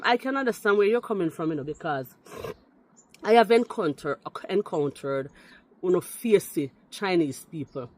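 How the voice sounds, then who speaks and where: Indignant Jamaican woman. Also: on the low side. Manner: indignant and forceful, mixing patois into English. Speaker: commenter responding to a video. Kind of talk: heated rebuttal talk.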